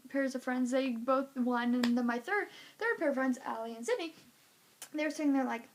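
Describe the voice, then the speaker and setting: A woman with a high voice tells a story to her camera in a casual vlog. She is animated and acts out each reaction, scattering "like" through her sentences. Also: normal speed, a little hiss or hum. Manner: animated, acting out reactions, lots of "like". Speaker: vlogger.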